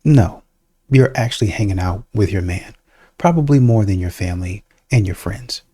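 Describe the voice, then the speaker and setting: A man's voice: lowish voice, animated, moderate pace, mellow, dry recording. A young man hosting a reaction video, rambling through argumentative rebuttals in casual commentary. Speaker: host reacting to clips.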